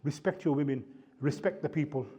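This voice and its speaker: Blunt Birmingham man lecturing a live audience, high-pitched, heard in a reverberant hall. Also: brisk, mellow, slightly rough. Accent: Birmingham English. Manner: blunt, scolding, street-style slang. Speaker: panel speaker. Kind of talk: impassioned live talk. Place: community centre hall. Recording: roomy hall, dull sound.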